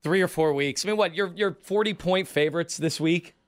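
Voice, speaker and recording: A man's voice: a little high, a little fast. A man co-hosting a sports podcast, breaking down a game in casual chat. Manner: chatty, laughs easily, analytical. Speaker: podcast co-host.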